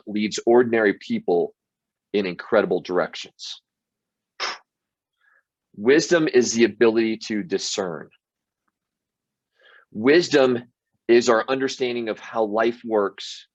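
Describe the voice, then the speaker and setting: A man's voice: mid-range voice, dry recording, highs cut off. A man hosting a motivational sales show, telling stories earnestly with frequent restarts and filler words. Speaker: sales team leader and show host. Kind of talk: motivational storytelling monologue.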